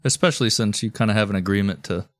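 A man's voice: fairly low pitch, fast talker, no room sound, studio quality. A man co-hosting a podcast, throwing in wry teasing quips during casual banter. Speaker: podcast co-host.

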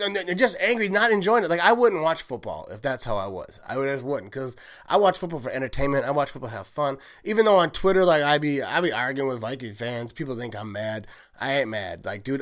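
A man hosting a solo sports podcast, rambling and excited, often correcting himself and laughing at his own slips. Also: sits high. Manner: rambling, heavy use of "like", self-correcting. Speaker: podcast host.

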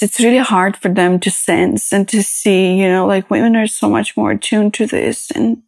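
A woman hosting a personal podcast, talking in a halting, reflective way with many fillers and restarts, emotional and close to tears. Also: medium pitch, vocal fry, no echo. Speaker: podcast host.

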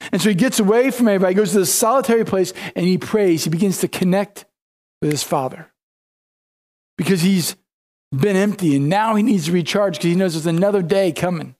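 A man with a notably high voice delivers a sermon as a pastor. He tells the story in a loose, conversational way, slipping into casual modern phrasing as he goes. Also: brisk, darkish tone.

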